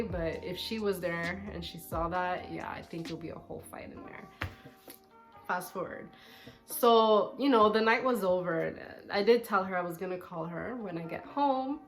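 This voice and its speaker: A woman's voice: on the low side, a bit bright. A young woman vlogger telling a personal story in a casual, candid way, with a petty, sassy streak.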